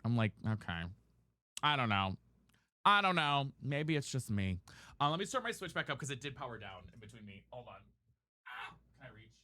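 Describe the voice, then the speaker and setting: A man's voice: medium pitch, sing-song, moderate pace, pushed and bright. A man streaming live from a room at home, chatting casually and ranting in exasperation to his viewers. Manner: chatty, exasperated rants to chat. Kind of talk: casual chat while gaming.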